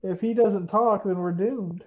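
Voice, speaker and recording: A man playing a tabletop game, excitable and rambling. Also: sits high, a little slow, dull audio. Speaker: player.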